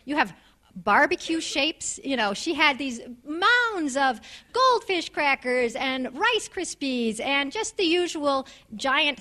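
A middle-aged woman from the United States with a New York accent, telling a comic story to an audience and acting out voices with quick asides. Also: high-pitched, sharp tone.

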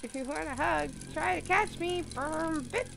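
A woman's voice: high voice, normal speed, creaky, background noise, pitched above the performer's own voice. A woman putting on a chirpy little toy creature. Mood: playful. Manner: sing-song, chirping nonsense sounds.

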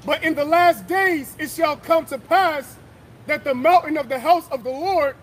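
High-voiced man reading scripture outdoors. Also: moderate pace. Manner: plain-spoken, reads scripture aloud. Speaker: street preacher. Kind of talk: street preaching and scripture reading. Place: outdoors on a street corner. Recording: street recording with crowd noise. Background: crowd and passing traffic.

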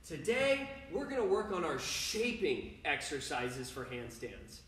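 A man's voice: fairly high pitch, big pitch swings, unhurried, a bit bright, heavy reverb. Upbeat male gymnastics coach for kids. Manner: upbeat, playful, talks to children at home. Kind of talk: kids' home workout lesson.

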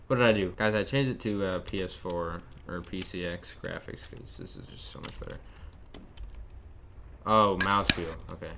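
A man's voice: low voice, lively intonation, moderate pace, creaky, pauses often, sharp tone, a little hiss or hum. A young man nervously commenting to viewers while playing a horror game. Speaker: gaming streamer. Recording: keyboard and mouse clicks behind the voice.

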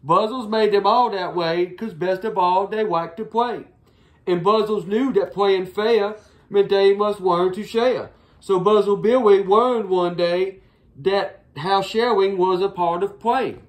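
Woman doing storytime, sing-songy rhyme reading, mid pitch, catches her own slips. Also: a little slow. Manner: sing-song rhyming delivery, stops to correct slips. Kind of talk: reading a rhyming picture book aloud.

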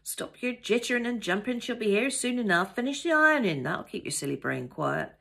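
A woman's voice: on the high side, animated, fairly quick, creaky, fairly bright tone, pitched above the performer's own voice, exaggerated voice. A woman doing a bossy old-fashioned cook. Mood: scolding. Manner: scolding, bossy. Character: bossy middle-aged female cook, fussy and motherly.

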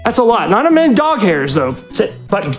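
A speedrunner at a live event stage giving a dog short coaxing commands and chatting excitedly about the run. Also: medium pitch, a little fast, faint music behind.

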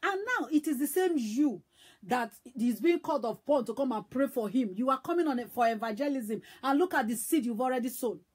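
A woman evangelist preaching a sermon, emphatic and repetitive, swinging between loud and hushed. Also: high voice, expressive, brisk, slightly rough.

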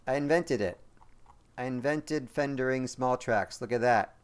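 A man streaming a game live, chatting and rambling to his viewers, joking and quick to apologize. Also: medium pitch, clean tone. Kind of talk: live gameplay commentary to chat.

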